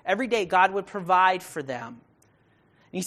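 A preacher giving a casual, conversational sermon, asking rhetorical questions and paraphrasing in modern slang, building to loud emphatic bursts. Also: medium pitch, expressive, moderate pace, pauses often.

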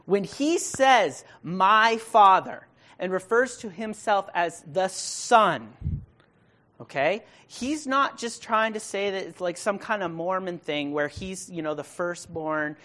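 A preacher talking through a sermon in a relaxed, chatty way, full of rhetorical questions and everyday slang. The voice sits at a middling pitch and swells into loud, emphatic stretches to drive a point home. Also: measured pace. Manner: builds to loud emphatic bursts. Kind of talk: casual conversational sermon.

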